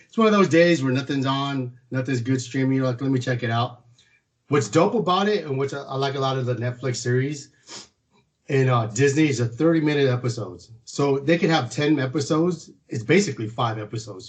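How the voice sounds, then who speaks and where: A man co-hosting a casual podcast chat, relaxed and slangy, with bursts of enthusiasm. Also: mid-range voice. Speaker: podcast co-host.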